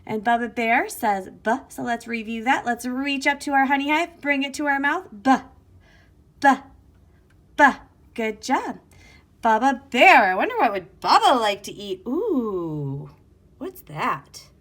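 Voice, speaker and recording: A woman teacher giving an online phonics lesson to young children in a slow, sing-song, encouraging way, recorded on her device's camera mic. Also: fairly high pitch, lively intonation, fairly bright tone.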